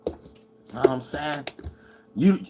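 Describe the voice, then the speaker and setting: A man's voice: on the high side, expressive, takes it slowly, heavy background noise. Profane, scolding preacher man. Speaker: self-styled preacher. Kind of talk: late-night livestream sermon.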